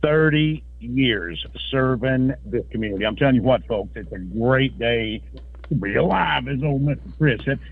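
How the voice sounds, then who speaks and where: A man, a radio host broadcasting live on location, folksy and pitchman-like, a little out of breath. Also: lively intonation, normal speed, gravelly, husky, dry recording. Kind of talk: live remote radio promo. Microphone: phone line. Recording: tinny phone-line remote feed.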